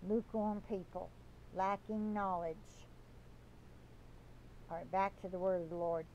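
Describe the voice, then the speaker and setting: A woman reading prophecy and scripture aloud in a deliberate way, stopping for chatty asides and apologies. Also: mid-range voice, steady tone, a little mellow, dull audio, a little hiss or hum. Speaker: Christian devotional reader.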